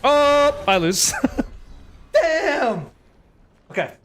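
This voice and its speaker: A man streaming a game live and talking to his chat, excitable and joking, swearing freely as he plays. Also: very high voice, extremely slow, a little hiss or hum. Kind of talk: live gameplay commentary with chat.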